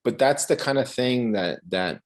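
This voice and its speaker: A man giving a casual artist talk over a video call, telling animated stories full of restarts and acted-out quotes. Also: medium pitch, moderate pace. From Cuba. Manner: animated, many restarts, acts out quoted voices. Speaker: guest artist.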